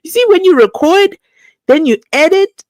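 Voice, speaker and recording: A woman's voice: extremely high pitch, moderate pace, dry recording. Chatty South African woman hosting a live stream. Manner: expressive and chatty, with sudden exclamations. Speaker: entertainment commentary host. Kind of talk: live-stream commentary, reading viewer comments.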